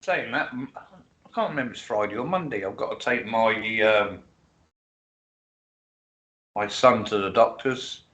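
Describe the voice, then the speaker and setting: A man's voice: fairly low pitch, bright, forceful tone. Older man chatting offhand. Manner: halting, offhand. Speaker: stream co-host. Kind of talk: casual chat.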